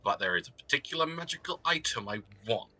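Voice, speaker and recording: A man playing a character in a tabletop game, excitable and often laughing. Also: mid-range voice, fast, poor audio. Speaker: player. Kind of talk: casual tabletop play.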